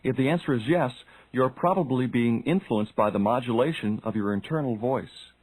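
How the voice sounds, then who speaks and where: A man's voice: medium pitch, moderate pace, a little mellow, dry recording, rough recording. Man narrating a self-help audiobook. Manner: direct, addresses the listener with questions.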